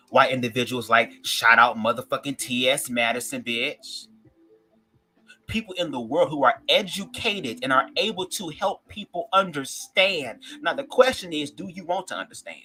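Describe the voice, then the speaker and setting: A man's voice: mid-range voice, bright, forceful tone, poor audio. A man from Detroit with a Detroit accent, giving opinionated commentary in a sassy, emphatic way and swearing freely. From Detroit, USA. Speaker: commentary vlogger.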